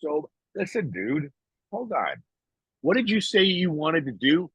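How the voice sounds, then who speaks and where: A man's voice: on the high side, very animated, a little slow, slightly rough, no room sound. A man talking casually on a podcast, blunt and profane, often emotional and restarting his sentences. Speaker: podcast co-host. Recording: dry, tinny phone-like sound.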